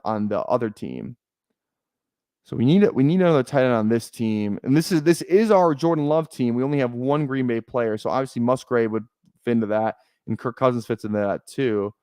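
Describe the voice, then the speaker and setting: A man's voice: mid-range voice, darkish tone, clear, resonant tone, dry recording. Chatty young man with a dry, close sound. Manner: thinking aloud, chatty, frequent restarts. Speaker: fantasy football streamer. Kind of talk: casual live-stream commentary.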